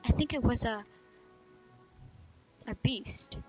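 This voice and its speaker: A woman voicing a frightened young woman pleading for help, breathless and a notch higher than her own voice, in a game read-aloud. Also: slow, husky, faint music behind.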